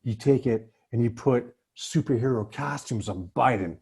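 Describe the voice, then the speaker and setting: A man's voice: mid-range voice, normal speed, a little mellow, breathy edge. A man hosting a casual political chat, joking and loose, with mild swearing. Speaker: host.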